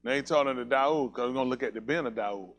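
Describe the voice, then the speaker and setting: A man's voice: medium pitch, fast, fairly bright tone. A man preaching a fiery sermon as pastor, emphatic and colloquial, repeating calls like "listen" and firing rhetorical questions at the congregation.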